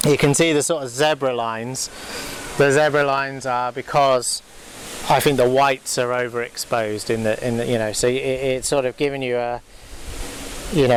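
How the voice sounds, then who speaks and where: Flying a drone outdoors by a river, a British vlogger offers casual, rambling commentary full of fillers and restarts. His voice is mid-range, and the poor audio carries a little hiss or hum.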